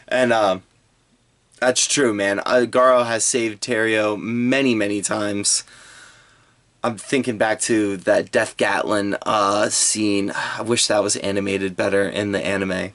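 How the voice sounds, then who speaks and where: Rambling low-voiced man reviewing manga. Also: fairly even intonation, a little slow, fairly bright tone. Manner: rambling, with many fillers and restarts. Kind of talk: casual chat.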